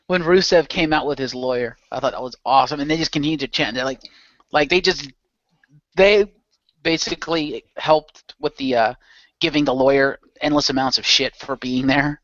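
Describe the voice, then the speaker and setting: A man's voice: medium pitch, moderate pace, fairly bright tone, no room sound. A man co-hosting a casual podcast, talking with enthusiasm and laughing. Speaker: podcast co-host. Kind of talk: casual chat. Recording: dull dry lo-fi recording.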